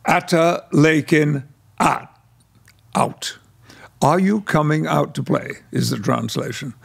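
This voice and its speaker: A man's voice: medium pitch, lively intonation. An older man from West Yorkshire who speaks with an English received pronunciation accent, telling stories as a guest in an interview and acting out the voices in them. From England, West Yorkshire. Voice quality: gravelly and husky. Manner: measured storyteller who acts out voices. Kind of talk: conversational storytelling interview.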